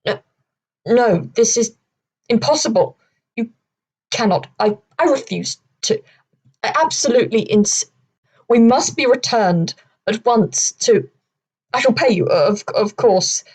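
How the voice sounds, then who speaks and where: A woman doing a panicked, stammering gentleman. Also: medium pitch, very animated, moderate pace. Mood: indignant panic. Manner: stammering, indignant, formal. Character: distressed well-spoken gentleman father, protesting.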